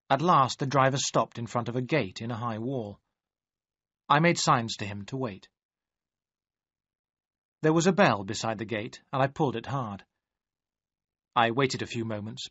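A man reading a story aloud in measured, even storytelling narration. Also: medium pitch, slightly rough, no room sound. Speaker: audiobook narrator. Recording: dry, slightly dull audio.

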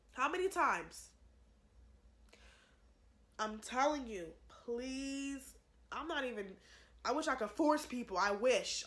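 A woman's voice: fairly high pitch, a bit bright. A young woman giving an earnest religious testimony to camera, pleading with viewers and repeating herself for emphasis. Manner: earnest, repetitive, pleading, addresses viewers as y'all.

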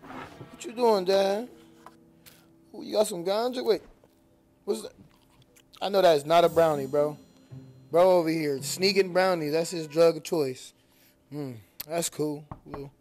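A man's voice: fairly high pitch, unhurried, pauses often, darkish tone, faint music behind. Slangy joking man playing a game. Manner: slangy, joking, trash-talking. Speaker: gaming video creator. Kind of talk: casual game commentary.

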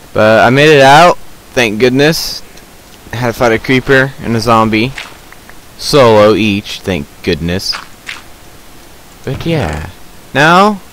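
A man talks to his viewers in easygoing, unhurried gameplay commentary, drifting from one thought to the next. His pitch sits at an ordinary middle level. A faint hiss runs under his voice. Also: animated, a bit bright, poor audio. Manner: rambling, chatty, talks to viewers; unhurried with many fillers. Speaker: gameplay video creator.

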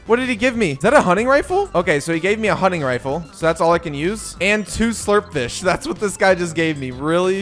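A young man giving casual, excitable commentary over his own gameplay. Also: sits high, brisk, faint music behind. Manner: excitable, jumps to yelps at in-game moments. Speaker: gaming YouTuber.

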